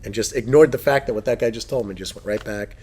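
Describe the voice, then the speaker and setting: A middle-aged man hosting a podcast, telling stories in a loud, animated, profane way and laughing often. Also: on the low side, fast, a crowd in the background. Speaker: podcast host. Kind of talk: casual chat.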